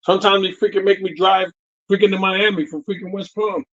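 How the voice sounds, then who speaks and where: A man's voice: sits high, steady tone, fairly quick, a bit bright, dull audio. A middle-aged man, a boxing trainer, telling stories casually and acting out quotes, tagging lines with "man" and "you know what I mean". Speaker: boxing trainer, interview guest. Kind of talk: casual storytelling.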